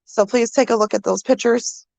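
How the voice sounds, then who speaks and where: A woman vlogger from the American Midwest, talking to her viewers through tears, halting with many pauses and fillers. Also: on the high side, steady tone, gravelly, darkish tone, no room sound. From Minnesota. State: crying. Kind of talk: emotional vlog talk to viewers.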